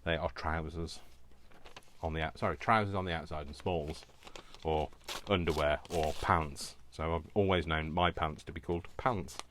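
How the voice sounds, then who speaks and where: A man's voice: rumbling low, steady tone, moderate pace, fairly bright tone, a little hiss or hum. A man with a British accent chatting casually and rambling while he crafts at home, laughing often. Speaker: craft video host.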